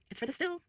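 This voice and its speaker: A woman's voice: pushed and bright, a little hiss or hum, poor audio. A woman talking casually while unboxing stationery, bubbly and gushing, often laughing. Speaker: stationery vlogger.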